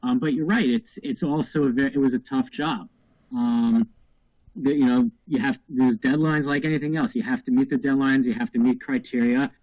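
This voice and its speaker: A man in his thirties on a casual podcast panel, talking in a measured, reflective way with some restarts. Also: mid-range voice, steady tone, darkish tone, no echo, lo-fi sound. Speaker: podcast co-host.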